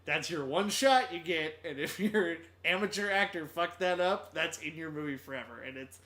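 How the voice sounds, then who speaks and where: A man's voice: on the high side, normal speed, fairly bright tone. A man co-hosting a podcast, chatting casually about a comedy film, often laughing and quoting lines from it. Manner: laughs often, quotes lines in put-on voices. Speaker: podcast co-host. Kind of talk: casual movie discussion.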